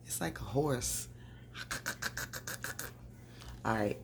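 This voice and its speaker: Creaky, chatty woman recapping a show. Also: low voice, slow pace, pauses often, slight background noise. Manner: animated, talks straight to viewers, laughs often. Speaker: TV recap vlogger.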